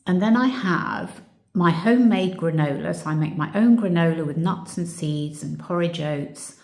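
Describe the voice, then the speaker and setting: A woman's voice: on the low side, moderate pace. Reflective woman vlogger, roomy sound. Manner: warm, reflective, gets emotional. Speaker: channel host. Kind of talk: casual Q&A chat to camera. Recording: echoey room.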